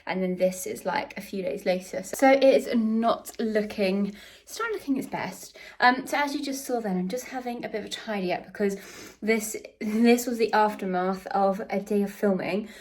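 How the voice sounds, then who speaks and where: A woman's voice: medium pitch, normal speed, a little mellow, slight background noise. A young woman chatting casually in her home vlog, rambling a little and laughing often as she tidies, filmed on a handheld phone. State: out of breath. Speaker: vlogger. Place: home, walking between rooms. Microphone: handheld phone camera.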